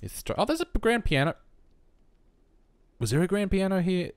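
Here the young commentator's voice is high and sing-song, moving at a normal clip with a clear, resonant tone and no echo. Casually playing a life-sim game, he chats with his characters and pokes fun at himself.

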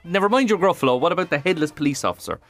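A man's voice: on the high side, lively intonation, very fast, fairly bright tone, soft background music. An Irish man hosting a breakfast radio show, chatty and jokey, laughing often.

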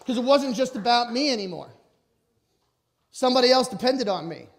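A middle-aged man with a notably high voice delivers a motivational talk before a live audience. He speaks loud and emphatic, pushing his personal stories hard.

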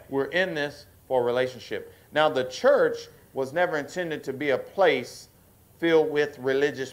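A man preaching as a pastor at a church service, often asking the congregation to answer back and slowing down to stress key points. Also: mid-range voice. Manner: call-and-response preaching, asks the congregation to affirm; slows down and rises in force for emphasis. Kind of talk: sermon.

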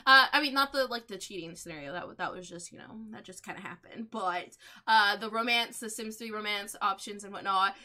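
A young woman host chatting excitedly over her gameplay, with many gasps, laughs and quick exclamations. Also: medium pitch. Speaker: gaming channel host. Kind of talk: casual gameplay commentary.

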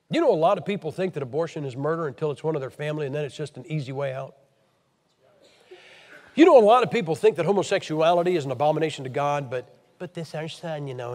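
A man's voice: a little high, in a large hall. An American man from Ohio preaching a blunt, emphatic, scolding sermon to a church meeting. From Ohio, USA.

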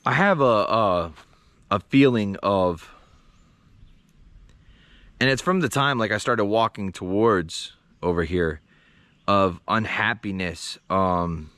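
A man's voice: fairly low pitch, lively intonation. Man hosting a ghost-hunting vlog. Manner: hushed, halting, emotional musing. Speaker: paranormal vlogger host. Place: outdoors and in a car at a cemetery.

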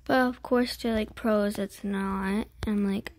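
A woman giving casual, chatty commentary while playing a game, full of fillers and quiet whispered asides. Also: mid-range voice, fairly even intonation, takes it slowly, slight background noise. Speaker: gaming video creator. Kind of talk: casual let's-play commentary.

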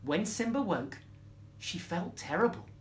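A man reading a bedtime story aloud in an expressive, playful way. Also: high-pitched, a little slow, a little hiss or hum.

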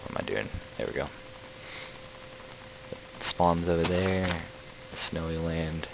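A very low, gravelly male voice that jumps all over the place, joking and trash-talking animals as he plays. Easily sidetracked, he chats casually to his viewers. Clear background noise runs through a rough home recording. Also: expressive, takes it slowly. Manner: playful, jokey trash talk at game animals; rambling, easily distracted chatter. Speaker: let's play host. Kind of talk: casual gaming commentary.

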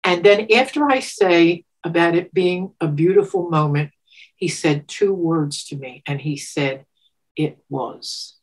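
An older woman in her seventies recounts a cherished memory with a slightly low voice. She is lively and laughs often, and her voice leaps up when she acts out what was said. She gets emotional and stumbles over her words as she goes. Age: 70s. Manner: animated, laughs often, acts out quotes with sudden pitch jumps; emotional, halting restarts. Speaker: interviewee. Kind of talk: storytelling, recounting a personal memory.

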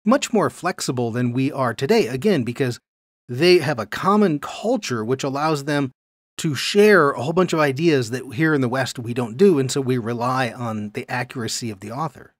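A man teaching a Bible lesson on video in an animated way, often checking in with his listeners. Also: medium pitch, moderate pace, dry recording, studio quality.

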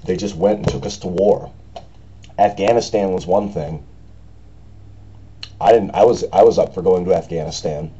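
A hoarse young man from the United States with a raspy voice, talking earnestly and with frustration in a rambling home video message, full of fillers. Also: deep voice, moderate pace, pauses often, mellow, muffled recording, a little hiss or hum. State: hoarse after a party. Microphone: camera microphone.

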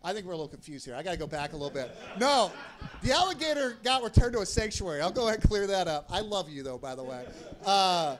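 A man's voice: sits high, sing-song, fast talker, few pauses, a bit bright. A man telling a rambling, profane story on stage as a stand-up comedian.

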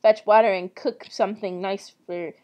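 A woman's voice: mid-range voice, steady tone, normal speed, muffled recording, natural voice. A woman voicing a bossy old witch barking orders, in a thin, half-hearted put-on voice. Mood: commanding.

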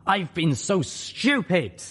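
A man voicing an ancient male dragon who explains things rapidly and earnestly. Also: fairly low pitch, close to an everyday voice. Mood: frantic.

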